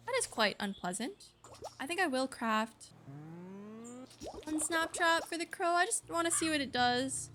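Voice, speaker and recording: Woman gamer, casual let's play commentary, playful, fairly high bright voice. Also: expressive, a little slow, long pauses, faint music behind. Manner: playful, chatty with game characters. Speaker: gaming channel host.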